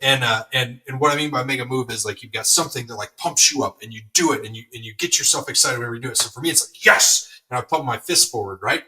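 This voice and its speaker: A middle-aged man hosting a podcast, telling a rambling, energetic story with lots of fillers. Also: mid-range voice, quick pace, few pauses, recorded from a distance, poor audio. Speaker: podcast host. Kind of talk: motivational podcast monologue.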